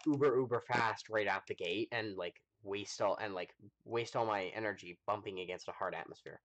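A gaming livestreamer with a mid-range, fairly bright voice casually comments on his play. He thinks out loud with lots of ums and responds to chat.

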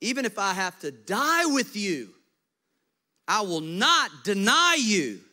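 A man voicing a brash, overconfident young fisherman disciple who insists loudly. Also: sits high, big pitch swings, slow pace, voice pushed up, heavily acted. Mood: insistent. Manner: loud boastful insisting.

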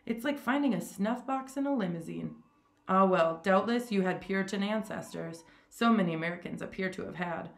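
A woman reading a story aloud, voicing a suave, cruel older male aristocrat with a smooth, amused, condescending manner. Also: medium pitch, a little fast, roomy sound, natural voice.

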